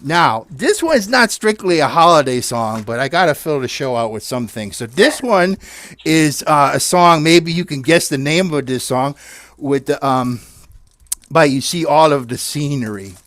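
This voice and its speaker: A man's voice: on the high side, normal speed, dry recording. A man hosting a playful Zoom puppet show, telling silly stories and leading a children's sing-along with jokey asides. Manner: jokey and animated, chatty asides to the audience. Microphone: video call.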